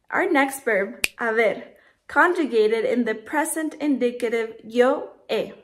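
Slow, careful woman teaching Spanish. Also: fairly high pitch. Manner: slow, careful, spells out letters and conjugations. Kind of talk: scripted lesson narration.

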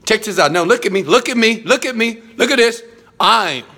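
Hyped high-voiced motivational man. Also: lively intonation, a little fast, slight background noise. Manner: shouts chants and repeats phrases. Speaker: motivational speaker. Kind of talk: hyped motivational talk to camera. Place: high-rise apartment. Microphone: phone camera.

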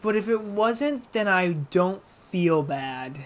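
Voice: medium pitch, animated, slow pace. A let's play commentator giving casual gameplay commentary, rambling and self-mocking with jokey asides.

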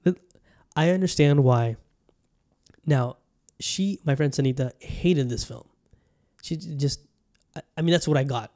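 Warm and fairly high-pitched, a man's voice moves at a measured pace with frequent pauses as he hosts a casual podcast in Bangkok. Talking directly to listeners, he wanders and keeps restarting sentences.

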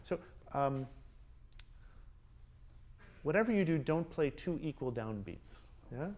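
A man teaching a master class, coaching players and singing rhythms out loud, often checking with a quick "yeah?". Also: a little high, animated. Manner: sings rhythms aloud, frequent checking "yeah?". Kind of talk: coaching musicians, singing phrases. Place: concert hall with instruments playing.

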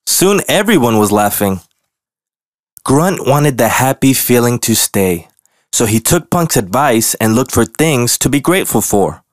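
A man reading a children's picture book aloud in a gentle, deliberate way. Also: mid-range voice, big pitch swings, no echo, clean studio sound. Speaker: storybook reader.

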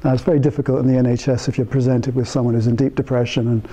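An older man giving an informal talk to a small group of therapists, telling anecdotes in a conversational way and thinking aloud with pauses and restarts. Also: medium pitch, level tone, noisy background. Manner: conversational, anecdotal storyteller who mimics the people in his stories. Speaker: speaker addressing psychotherapists. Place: meeting room with a small live audience.

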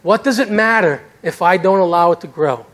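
A middle-aged male pastor with a high voice preaching in a church sanctuary. He tells his own story in a lively, animated way, with a self-deprecating humor. His delivery swings between intimate and exclaiming. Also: brisk. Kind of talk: sermon with personal testimony.

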